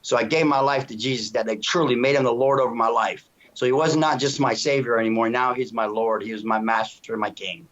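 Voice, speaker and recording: A middle-aged man tells his story as an interview guest, earnest and emotional, circling back on his words as he goes. His voice sits at an ordinary pitch for a man. The recording is dull and slightly lo-fi. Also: fairly even intonation, a little fast, few pauses, fairly bright tone. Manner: earnest, emotional, with frequent restarts and "you know what I mean". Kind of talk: personal testimony in casual conversation. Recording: dull lo-fi sound.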